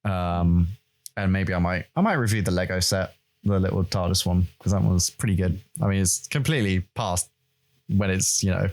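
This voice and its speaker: A man's voice: low-pitched, normal speed. A young man co-hosting a casual fan podcast, talking in a rambling way and getting worked up when he rants. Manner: rambling, animated when ranting. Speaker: podcast co-host. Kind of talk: casual chat.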